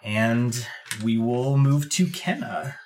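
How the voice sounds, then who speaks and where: A man's voice: medium pitch, expressive, takes it slowly, darkish tone. Laid-back man running a tabletop game. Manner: laid-back, loose descriptions with hesitations. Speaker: game master.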